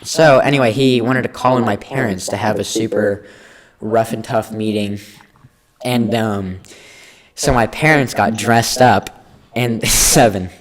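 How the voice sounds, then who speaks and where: Animated teen guy telling a story. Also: fairly low pitch, measured pace. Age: teens. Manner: animated, acts out quoted people. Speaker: podcast co-host. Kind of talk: casual storytelling.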